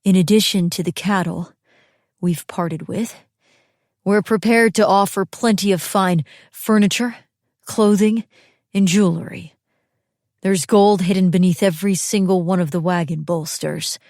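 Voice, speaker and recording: A woman's voice: fairly low pitch, steady tone, a little slow, a little mellow, dry recording, studio quality. A woman voicing a solemn, guarded male wagon train captain in an audiobook, speaking in a grave, blunt, restrained way. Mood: solemn, wary. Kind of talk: audiobook character reading.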